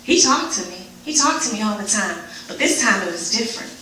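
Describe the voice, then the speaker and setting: A woman giving an emotional, dramatic spoken word performance at a live event, moving between hushed and pleading delivery. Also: medium pitch, expressive, a little fast. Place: live event before an audience. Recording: very echoey room, mic far off, faint noise.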